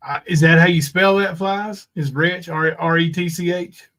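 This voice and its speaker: Man with a slightly high voice hosting a livestream. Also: fairly even intonation, normal speed, pushed and bright. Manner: reads chat comments aloud, joking. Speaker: livestream co-host. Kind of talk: casual livestream chat.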